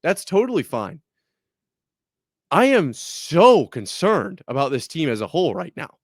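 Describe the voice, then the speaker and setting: A man's voice: on the high side, sing-song, measured pace, dry recording. Male podcast host, casual and exasperated, dry mic. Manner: candid, exasperated, self-deprecating. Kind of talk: casual sports podcast talk.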